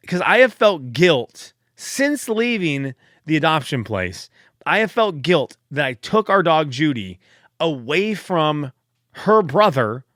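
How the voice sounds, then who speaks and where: A man's voice: a little high, big pitch swings, slow, fairly bright tone, no room sound, studio quality. A man hosting a solo podcast, chatting casually in a rambling, self-deprecating way, fired up late at night. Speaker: podcast host.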